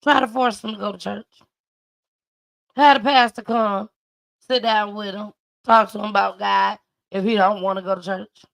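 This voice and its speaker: A woman's voice: mid-range voice, level tone, a little fast, creaky, fairly bright tone. A woman hosting a commentary show, reacting to news clips with emphatic, repetitive advice to parents. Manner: emphatic, preachy, repeats her points. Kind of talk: casual commentary.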